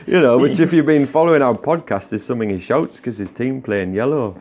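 A man's voice: mid-range voice, brisk, darkish tone. A man hosting a podcast, telling a comic story and laughing often. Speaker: podcast host.

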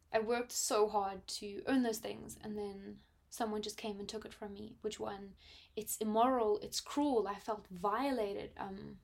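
Creaky-voiced young South African woman. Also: medium pitch. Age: 20s. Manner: reflective, with frequent pauses and fillers. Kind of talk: personal testimony.

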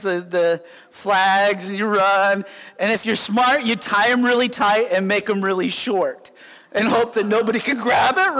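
High, bright-voiced animated male pastor. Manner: animated storytelling, acts out scenes. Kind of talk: sermon. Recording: long hall reverb.

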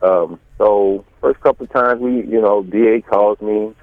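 A man's voice: on the low side, brisk, few pauses, no room sound. A man telling a long story as a guest, rambling with many fillers and restarts and acting out quotes, over a tinny phone-like line. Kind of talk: storytelling in an interview.

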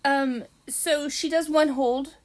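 Co-host, woman, slightly high voice, chatty recap full of ums. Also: slow pace. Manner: chatty, hesitant with frequent ums, animated retelling. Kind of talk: casual chat recapping a TV mystery episode.

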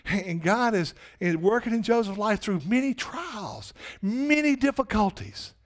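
A man's voice: sits high, big pitch swings, a little slow. A man pastor delivering a sermon in emphatic preaching that swells on repeated questions.

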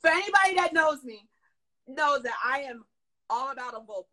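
A woman telling a lively story in a casual interview, excitable and full of slangy asides. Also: high-pitched, fairly quick, low-quality recording. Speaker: guest dancer and choreographer.

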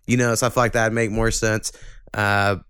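A man's voice: on the low side, normal speed, clean tone, dry recording, studio quality. Profane, ranting male podcast host. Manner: profane, ranting, animated when annoyed. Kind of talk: casual podcast chat.

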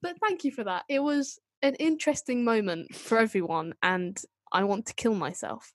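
A woman's voice: on the high side, normal speed, dry recording. Enthusiastic woman podcast co-host. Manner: enthusiastic, self-deprecating. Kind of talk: casual chat about a TV show.

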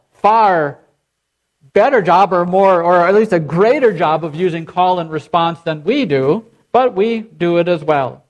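A man preaching a sermon as pastor, leading his congregation in call and response. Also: sits high. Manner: leads the congregation in repeated chanted responses.

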